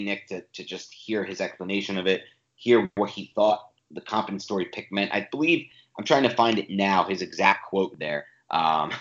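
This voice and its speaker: Male podcast co-host, lowish voice, emphatic and talky, roomy and dull-sounding recording. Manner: animated, emphatic, with frequent restarts. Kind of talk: casual sports podcast talk. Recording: roomy, slightly dull home podcast audio.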